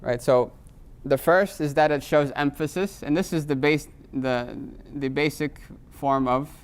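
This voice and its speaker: Here a man with a higher, clean-sounding voice leads a grammar class full of students. He keeps tossing out a rhetorical "right?" as he quizzes them, and he slows his delivery to spell Arabic terms.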